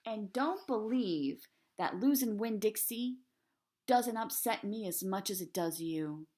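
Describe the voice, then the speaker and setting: A woman reading aloud, voicing a sad, gentle preacher father who speaks softly and wearily. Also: medium pitch, expressive, takes it slowly. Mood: tender.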